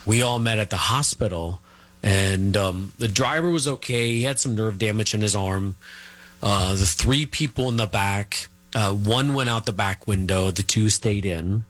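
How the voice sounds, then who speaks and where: A middle-aged man telling a family story as an interview guest, rambling and halting, full of fillers and restarts. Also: fairly low pitch.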